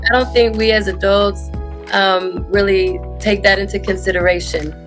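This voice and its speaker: A woman in her thirties with a Houston accent, a high school tennis coach answering interview questions earnestly, with many "you know"s and "um"s. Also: fairly even intonation, moderate pace, fairly bright tone, soft background music.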